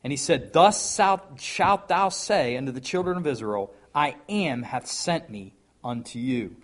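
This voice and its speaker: A man delivers a sermon, reading scripture aloud and weaving in folksy, conversational asides. His mid-range voice is animated and a little slow, shifting from loud, emphatic declaiming to quiet remarks.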